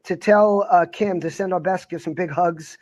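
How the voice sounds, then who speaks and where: A man's voice: high-pitched, fairly even intonation, normal speed, highs cut off, crowd noise. A man co-hosting a casual video call chat, effusive and enthusiastic. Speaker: co-host.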